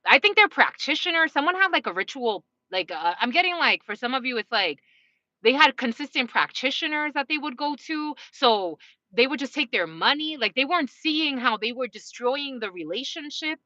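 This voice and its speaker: Bright, breezy woman tarot reader. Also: high voice, lively intonation, moderate pace, no echo, highs cut off. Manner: casual, profane, frequent laughing asides. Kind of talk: collective tarot reading.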